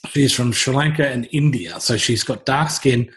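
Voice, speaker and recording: A man's voice: medium pitch, moderate pace, fairly bright tone. A middle-aged man, speaking as a health researcher in a panel discussion, emphatic and impassioned, his voice rising sharply when he is stirred up.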